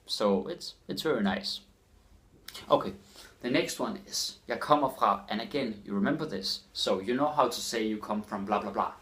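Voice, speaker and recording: A man with a Danish accent teaching his language in a casual lesson, repeating phrases slowly for learners. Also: on the low side, fairly bright tone. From Denmark.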